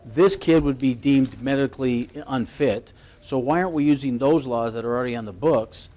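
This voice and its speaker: Man, talk host, mid-pitched voice, casual, probing, rambling questions. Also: normal speed, mellow. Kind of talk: moderating a panel discussion.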